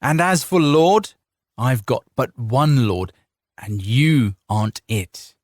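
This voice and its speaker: A man reading an audiobook, playing a hot-tempered farmer who shouts back in a strained, stubborn voice. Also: mid-range voice, very animated, slow, dry recording, clean studio sound, voice pushed up. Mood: defiant. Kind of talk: audiobook character voice.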